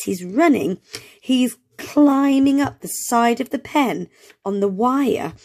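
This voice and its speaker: A woman reading an early reader aloud to young children, gently sounding out words and asking encouraging questions. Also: mid-range voice, slightly rough. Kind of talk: children's read-along lesson.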